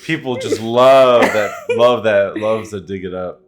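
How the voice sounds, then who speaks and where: A man's voice: fairly low pitch, a little slow. An American man co-hosting a game stream, joking casually and swearing now and then. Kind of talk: casual banter.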